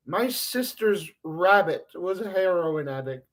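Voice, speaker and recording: A man talking alone on a stream in a somewhat high voice that leaps all over the place. He rambles and mocks himself, dropping into mumbles and then bursting out loud. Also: animated, a little slow, hardly any pauses. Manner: rambling and self-mocking, swinging from mumbles to loud outbursts. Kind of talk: rambling solo livestream monologue.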